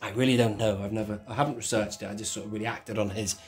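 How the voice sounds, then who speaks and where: A man's voice: fairly low pitch, steady tone, rapid-fire, faint music behind. A man hosting his own channel, talking through a hands-on toy tutorial in a chatty, rambling way that keeps correcting itself. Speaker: toy collector channel host.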